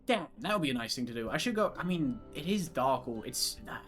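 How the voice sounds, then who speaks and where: A man's voice: medium pitch, big pitch swings, brisk, a bit bright, faint music behind. A young man streaming a visual novel, narrating its lines and chatting in a giggly, rambling way with casual swearing. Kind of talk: reading a visual novel aloud with live chat.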